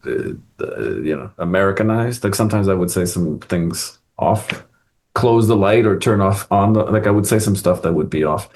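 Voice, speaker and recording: Relaxed man chatting. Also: low voice, normal speed. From Quebec. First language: French. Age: middle-aged. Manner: loose and animated, many fillers. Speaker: actor and acting teacher. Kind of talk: casual interview chat.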